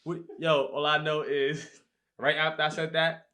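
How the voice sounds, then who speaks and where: A man on a podcast telling a story in a lively way and acting out his own reactions. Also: on the high side, normal speed. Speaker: podcast host. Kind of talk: casual storytelling chat.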